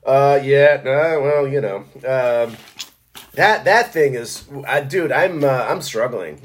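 A middle-aged stage actor chats casually in a medium-pitched voice, talking in halting, self-deprecating bursts and laughing often.

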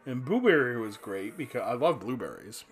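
A man's voice: medium pitch, sing-song, moderate pace, faint music behind. A man in his fifties from New Jersey, rambling nostalgically in a casual spoken monologue, with restarts and the odd curse. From New Jersey, USA. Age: 50s. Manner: rambling, nostalgic, profane, self-interrupting.

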